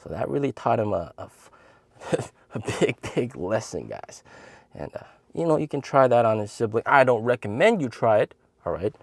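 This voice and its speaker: A man in his thirties tells a funny family story straight to camera, his pitch swinging widely as he goes. He slips into high, squeaky voices to quote the people in it. The sound is close and dry. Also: normal speed, gravelly, no room sound. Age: 30s. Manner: animated, acts out quotes in a high voice. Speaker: channel host.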